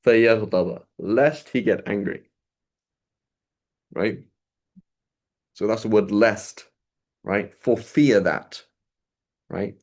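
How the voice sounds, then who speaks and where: A man's voice: on the low side, takes it slowly, pauses often. A man teaching Arabic grammar to a small group over a video call, explaining step by step and checking in with a frequent "right?".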